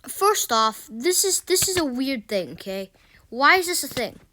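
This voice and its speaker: A woman's voice: sits high, very animated, unhurried, sharp tone. A woman vlogger telling casual stories in a rambling way, with stammering restarts and exasperated asides. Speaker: gaming channel vlogger. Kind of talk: casual storytelling vlog.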